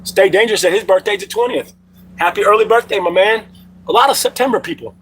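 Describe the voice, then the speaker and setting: A man's voice: high voice, quick pace, fairly bright tone, a little hiss or hum, poor audio. A middle-aged man hosting a casual livestream from home, telling loose, profane stories to his chat. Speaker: livestream host.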